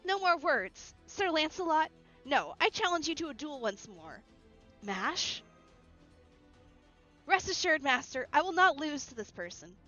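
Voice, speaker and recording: A woman's voice: sits high, sing-song, a little slow, long pauses, pushed and bright, dull audio, soft background music, voice pushed up, full character voice. A woman voicing an earnest, righteous young woman knight who declaims with passion. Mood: impassioned. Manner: impassioned, declaiming.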